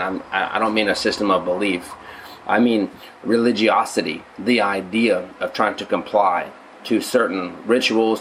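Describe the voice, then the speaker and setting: A man's voice: fairly low pitch, a bit bright, a little hiss or hum, rough recording. A male pastor giving a conversational sermon, rambling with many restarts and repeated words.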